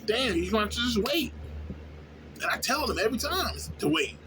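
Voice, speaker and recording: A young man who works at a fast-food place, venting in a casual, profane, rambling way and often asking "you know what I'm saying?". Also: very high-pitched, sing-song. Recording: noisy background with vehicle sounds.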